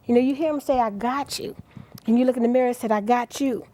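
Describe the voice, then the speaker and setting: A middle-aged woman guest on a talk show, speaking earnestly and with feeling, at times dropping to a soft near-whisper. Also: fairly high pitch, fast. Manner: earnest, animated, drops to soft near-whispers at emotional moments. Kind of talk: inspirational talk show interview.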